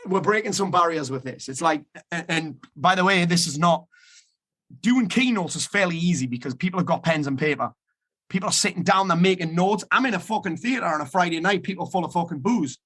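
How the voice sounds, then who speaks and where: A man's voice: sits high, expressive, brisk, fairly bright tone. A man giving a blunt, emphatic motivational talk, swearing freely as he urges listeners to act. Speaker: motivational speaker.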